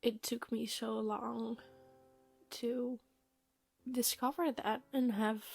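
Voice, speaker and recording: A young woman in her twenties talking in a casual personal vlog, halting and emotional, with many fillers. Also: on the high side, level tone, creaky, darkish tone, husky, faint music behind. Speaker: vlogger. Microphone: microphone.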